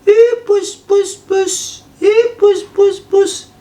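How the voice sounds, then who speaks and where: A man voicing a petite, fierce woman who whispers threats and coaxes in a high sing-song, recorded in a roomy space from a distance. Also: steady tone, extremely slow, dark tone, full character voice. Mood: coaxing. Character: petite fierce woman, whispering menace then cooing sweetly.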